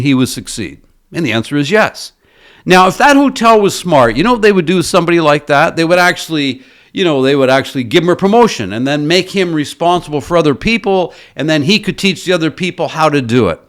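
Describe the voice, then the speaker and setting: A man's voice: a little high, expressive, brisk. A man working as a business coach, giving a motivational talk built around a story and asking his listeners rhetorical questions.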